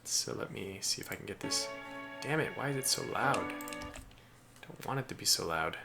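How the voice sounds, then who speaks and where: A man giving live gameplay commentary as a streamer, chatty and excitable, talking aloud to the ships he commands. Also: on the low side, moderate pace, creaky, over music.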